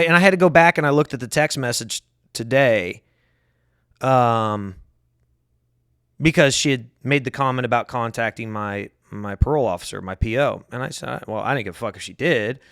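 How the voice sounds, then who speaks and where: A man's voice: medium pitch, moderate pace, a bit bright, smooth, no room sound, clean studio sound. A man in his thirties hosting his own show, venting in a heated, profane monologue and often repeating himself. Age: 30s. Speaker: show host. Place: lives in Harris County, Texas.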